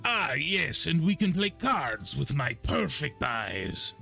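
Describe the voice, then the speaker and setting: A man voicing a blind male lizard-folk merchant who brags about his perfect eyesight, talking slowly and creepily. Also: on the high side, very animated, creaky, pushed and bright, faint music behind, full character voice. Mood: smug. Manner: slow, drawn-out, fidgety and creepy.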